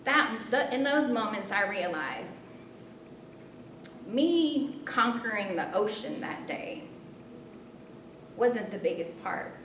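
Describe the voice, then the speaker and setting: A woman performing a spoken story, expressive, her voice jumping high in tense moments and softening when reflective. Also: slow pace, pauses often, background noise. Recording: roomy, distant, rumbling background.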